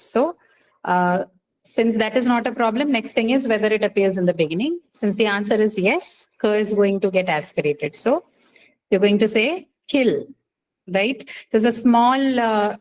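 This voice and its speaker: A woman's voice: medium pitch, poor audio. A woman teaching English pronunciation in a class, quizzing students patiently with many fillers and questions. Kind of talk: online class lecture.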